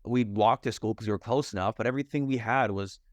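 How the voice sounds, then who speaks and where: A man's voice: fairly low pitch, fast talker, dry recording. A young American man, a mindset and fitness coach, candidly telling his life story in a podcast conversation, rambling with lots of "like" and "you know". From United States.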